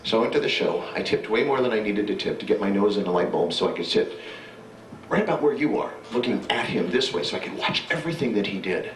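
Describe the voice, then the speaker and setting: Older guy telling old stories on stage, lowish voice, picked up from a distance in an echoey theater. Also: expressive, fast. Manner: nostalgic, reminiscing. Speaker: stage performer. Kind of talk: storytelling to a live audience. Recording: roomy hall, distant mic, faint noise.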